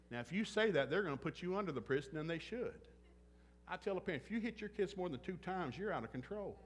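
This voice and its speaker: A man's voice: high-pitched, animated, fast, slight background noise. A man preaching a sermon at a church service, blunt and joking, acting out little scenes with other voices. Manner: joking, blunt, acts out dialogue. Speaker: pastor. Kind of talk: sermon with acted-out anecdotes.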